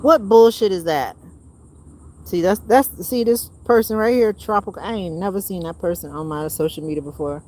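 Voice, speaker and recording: A woman hosting a livestream, giving her viewers a blunt, preachy and profane rant that swings between loud and hushed. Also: fairly low pitch, moderate pace, a little hiss or hum. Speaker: livestream host.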